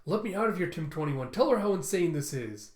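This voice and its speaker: A man's voice: a little high, lively intonation, normal speed, darkish tone, reverberant, lightly acted. A man doing a sneering, arrogant scientist. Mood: shouting. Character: arrogant male scientist, snide and scheming.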